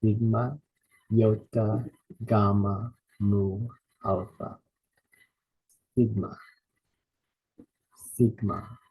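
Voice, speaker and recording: A man teaching a lesson, saying each word slowly and repeating it with care. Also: lowish voice, level tone, slightly rough, phone-quality sound. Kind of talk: slow spoken lesson naming Greek letters.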